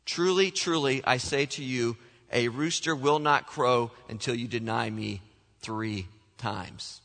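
A man delivers a sermon from the pulpit with a bright, forceful voice, lively and animated as he acts out the voices he quotes. His words ring out with a long reverb, as if spoken in a large church sanctuary. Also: medium pitch, slow, creaky. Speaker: pastor.

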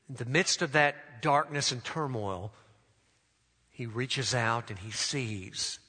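A man preaching a sermon, drawing out phrases and letting his sentence endings fall soft. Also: mid-range voice, measured pace, big-room sound. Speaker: pastor.

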